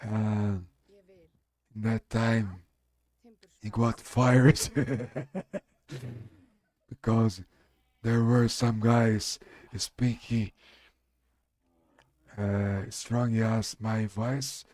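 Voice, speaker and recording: Slow-talking Brazilian streamer man. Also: on the low side, steady tone, a little mellow, no room sound, studio quality. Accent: Brazilian Portuguese. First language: Portuguese. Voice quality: strong voice. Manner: halting, searching for English words. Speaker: game streamer. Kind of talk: casual live-stream chat.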